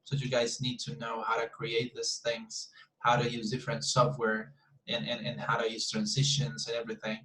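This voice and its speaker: A man's voice: medium pitch, monotone, moderate pace, pushed and bright. Man, English teacher, video call, rambling and encouraging, echoey room. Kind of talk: online class discussion. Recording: roomy echo.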